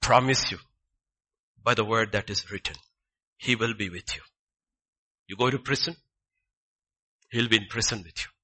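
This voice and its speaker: Impassioned preacher, bright voice. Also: male voice, fairly low pitch, normal speed, pauses often, breathy edge. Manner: impassioned, swinging from loud declarations to hushed near-whispers; repeats short phrases for emphasis. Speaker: pastor. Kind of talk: sermon.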